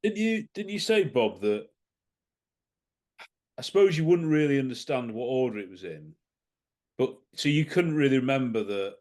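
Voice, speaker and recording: A man's voice: medium pitch, sing-song, normal speed, long pauses, darkish tone. A man on a podcast panel chatting enthusiastically about a film, and he laughs often. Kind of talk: casual film discussion.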